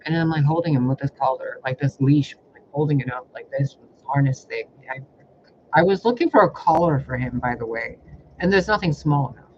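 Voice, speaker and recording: This man, a spiritual reader, rambles through personal stories in a laid-back vlog, frustrated and full of profanity. He speaks a little fast in a fairly high voice, captured on dull lo-fi audio with slight hiss.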